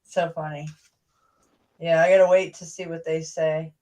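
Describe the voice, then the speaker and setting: A woman's voice: low-pitched, flat delivery, moderate pace, darkish tone, far from the mic. Rambling woman hosting a livestream. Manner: rambling, self-interrupting. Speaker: livestream host. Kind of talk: casual chat. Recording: voice a bit off-mic.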